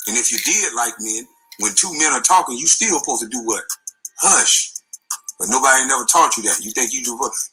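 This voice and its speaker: A man's voice: mid-range voice, sharp tone, husky, poor audio. A man delivering a heated, confrontational and profane rant, with scornful laughs. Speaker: guest.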